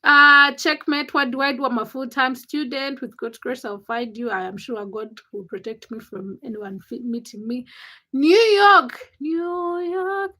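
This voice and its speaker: A woman's voice: on the high side, fairly even intonation, normal speed, hardly any pauses, sharp tone. A young Ugandan woman hosting a casual livestream, chatty and self-mocking as she greets viewers by name. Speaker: livestream host.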